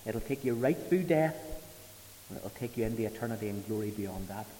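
A man preaching a sermon, emphatic, swelling to loud peaks and falling back soft. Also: lowish voice, animated, a little fast, a little hiss or hum. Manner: emphatic, rising to loud dramatic peaks, then dropping soft. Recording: reverberant hall.

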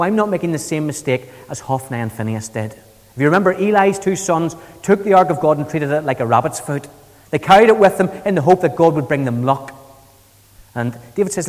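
Preacher telling bible stories casual-like, bit higher voice, echoey church. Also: male voice, a little mellow. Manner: conversational storytelling, paraphrasing scripture in everyday speech. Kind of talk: expository sermon.

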